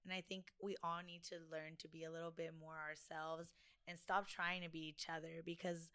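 A woman's voice: low-pitched, little pitch movement, a little fast, bright, forceful tone, clear, resonant tone, no echo. Guest: laid-back young woman, chatty and slangy, dry close-mic sound. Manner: laid-back, says "dude" and "like" a lot. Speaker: podcast guest. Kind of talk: casual podcast interview.

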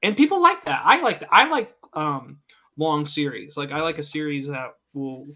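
Man, bright forceful tone, slightly high voice, enthusiastic rambling game chat. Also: animated, normal speed. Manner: chatty, enthusiastic, rambling with restarts. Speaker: podcast co-host. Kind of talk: casual gaming chat.

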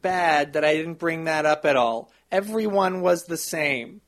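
A man playing a timid, slow-talking male deputy mayor in an improvised comedy, meek and eager to please. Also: fairly high pitch. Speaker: improv guest.

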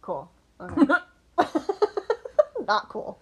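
A woman co-hosting a casual podcast, teasing and laughing, speaking slowly. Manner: teasing, laughs often, slow drawl. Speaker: podcast co-host. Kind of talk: casual chat.

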